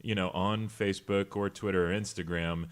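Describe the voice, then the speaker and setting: A man co-hosting a casual podcast, bantering playfully with frequent chuckles and reading ad copy smoothly. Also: deep voice, steady tone, normal speed. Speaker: podcast co-host.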